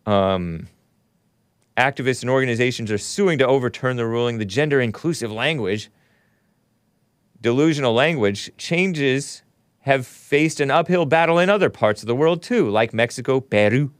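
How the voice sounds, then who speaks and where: Male live-stream host, mid-pitched, mocking and opinionated, close dry mic. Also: moderate pace, clear, resonant tone, no room sound. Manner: sarcastic, mocking, reads chat aloud.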